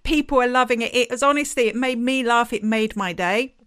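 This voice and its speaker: A woman hosting a live podcast, telling stories in a chatty, lively way. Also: a little high, a little fast, clear, resonant tone. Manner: chatty, lively storytelling with laughs. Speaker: podcast host.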